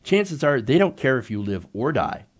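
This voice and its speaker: A man's voice: mid-range voice, very animated, moderate pace. A man giving opinionated political commentary in a sarcastic, mocking way.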